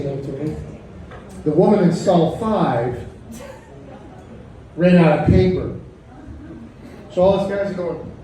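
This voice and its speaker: Rauer Komiker im halligen Club. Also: male voice, normal speed, noisy background. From Chicago. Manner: loose, profane storytelling with sudden high-pitched outbursts. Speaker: stand-up comedian. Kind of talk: stand-up set with crowd work. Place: comedy club stage. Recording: echoey club heard from far off. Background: audience laughter.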